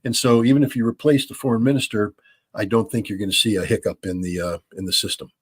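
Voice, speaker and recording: An American man in his sixties answers listener questions in a husky, fairly low voice. He explains at length in a measured way, often restarting with ums. The sound is dry and close. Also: steady tone, dry recording. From United States. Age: 60s. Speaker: guest, former weapons inspector. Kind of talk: call-in interview answers.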